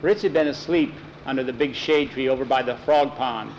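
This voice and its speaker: A man's voice: medium pitch, steady tone, fairly quick, a little mellow, muffled recording, a little hiss or hum. A man telling a children's story aloud in a folksy, homespun way, with small slips and self-corrections.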